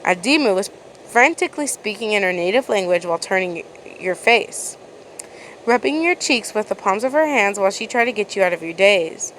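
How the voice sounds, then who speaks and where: A woman's voice: medium pitch, animated, moderate pace, a bit bright, a little hiss or hum, low-quality recording. A woman reading a second-person fan story aloud in a casual way, often stumbling over words and restarting. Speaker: fan fiction reader.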